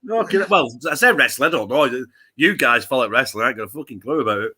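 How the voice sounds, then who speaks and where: Man from England, casual football chat, sweary storyteller, bright tone, lively pitch. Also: quick pace, husky. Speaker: co-host. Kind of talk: casual live football watch-along chat.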